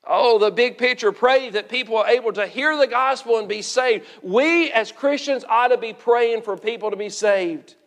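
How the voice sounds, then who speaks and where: High-voiced preacher in a reverberant hall. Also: male voice. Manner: earnest, repeats words, stresses key phrases slowly. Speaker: pastor. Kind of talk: sermon.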